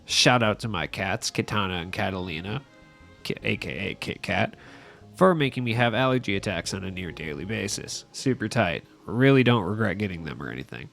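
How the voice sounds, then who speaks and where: A man's voice: lowish voice, lively intonation, moderate pace, gravelly, a bit bright, soft background music. A young man talking through a gaming video with a nasal, allergy-stuffed voice, rambling and poking fun at himself. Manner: rambling and self-mocking, with frequent likes. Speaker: gaming YouTuber. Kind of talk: casual gaming commentary. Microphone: voice-over without face cam.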